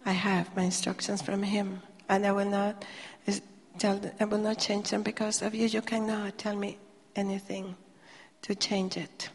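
A woman voicing an eager, curious male angel guardian who gets excited and speaks with a rising voice. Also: medium pitch, normal speed, breathy edge. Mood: firm. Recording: long hall reverb.

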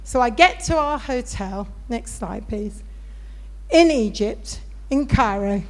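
A woman preaching with a high, bright voice. She tells her stories with gusto and acts out the people in them. She urges the congregation to pray and stand up. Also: slow. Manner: storytelling, animated, acts out voices in anecdotes. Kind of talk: sermon.

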